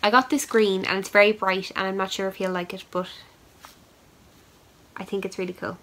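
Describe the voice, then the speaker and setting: A woman hosts a knitting podcast, chatting casually and rambling with plenty of fillers while showing yarn to the camera. Her mid-range voice is flat and fairly bright, at a moderate pace, on a rough recording.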